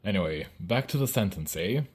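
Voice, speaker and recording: A young man from Canada with a Canadian accent, giving a deadpan satirical lecture in a mock-serious tone. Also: brisk, husky. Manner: mock-serious lecturing, jumping between high and low pitch.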